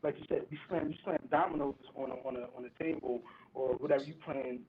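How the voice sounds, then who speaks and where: A man joining a casual podcast discussion as a guest, speaking in a thoughtful, halting way with frequent ums. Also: medium pitch, steady tone, a little hiss or hum. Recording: tinny phone-like remote line.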